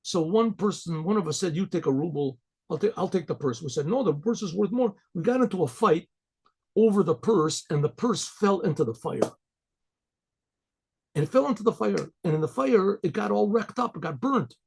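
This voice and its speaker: A man voicing a gang of brash young male hoodlums in a told folk story, loud and pushy. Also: sits high, expressive, normal speed, gravelly, breathy edge, exaggerated voice. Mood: excited.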